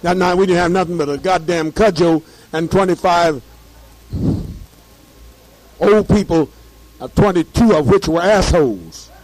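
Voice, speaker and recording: A hoarse man telling a story in a fiery, profane monologue, repeating himself as he works up to shouting. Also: high voice, a little slow, long pauses, low-quality recording.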